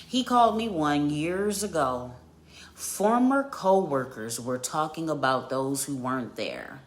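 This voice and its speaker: A woman with a low, grounded voice delivers a devotional reflection. She takes her time, reading each scripture passage slowly and measuredly. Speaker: podcast host and life coach.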